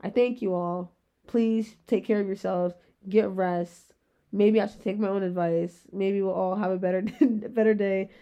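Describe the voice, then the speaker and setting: Fast-rambling young woman podcaster, lo-fi. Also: mid-range voice, fairly even intonation, warm tone, clean tone. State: rough-sounding voice. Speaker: podcast host. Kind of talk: solo casual chat.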